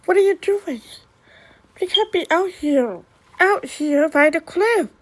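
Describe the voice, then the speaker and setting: A woman's voice: very high-pitched, lively intonation, slow pace, exaggerated voice, low-quality recording. A woman doing an anxious pleading mother. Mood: urgent scolding. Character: worried pleading mother of a ghost child. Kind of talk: amateur one-person ghost drama.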